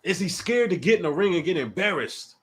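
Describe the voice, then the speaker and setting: A man's voice: high-pitched, lively intonation, brisk. A man from the Washington, D.C. area hosting a casual livestream, taunting a rival and talking straight to his chat. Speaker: livestream host.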